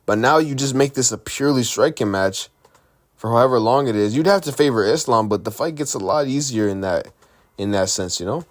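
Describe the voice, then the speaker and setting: Host, male, middle-pitched, casual rambling fight-reaction talk. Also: lively intonation, fairly quick. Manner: rambling, conversational, lots of fillers and restarts. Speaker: MMA commentary host.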